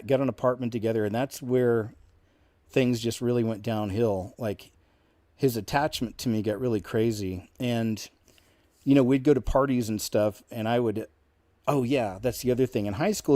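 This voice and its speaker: Middle-aged guy rambling through an old story, low mellow voice, dry sound. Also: no echo. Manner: rambling, with many asides and restarts. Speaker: channel host telling a personal story. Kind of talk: casual storytelling.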